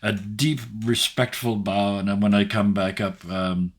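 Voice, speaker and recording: A man's voice: lowish voice, fairly even intonation, unhurried, hardly any pauses. A man playing a tabletop role-playing game, laid-back and joking, chuckling as he speaks. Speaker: player. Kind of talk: casual role-play chat.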